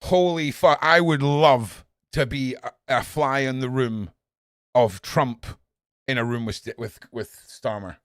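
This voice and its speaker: A man hosting a podcast, reading headlines aloud and ranting at them, swearing often and swinging from low mutters to shouts. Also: unhurried, no room sound, studio quality. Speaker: podcast host reading news. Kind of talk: ranting news commentary.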